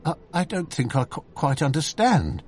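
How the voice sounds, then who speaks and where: A man's voice: fairly high pitch, very animated, normal speed, a little mellow, voice pushed up. A man voicing a timid young male clerk who speaks hesitantly and politely, with a tremble. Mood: anxious.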